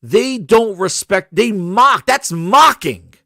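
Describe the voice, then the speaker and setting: A man's voice: sits high, lively intonation, slow, creaky, bright, forceful tone, dry recording, studio quality. A man hosting a gaming podcast, ranting angrily and swearing, often stammering and repeating himself. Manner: heated and profane, repeating himself. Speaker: podcast host. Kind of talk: angry gaming rant.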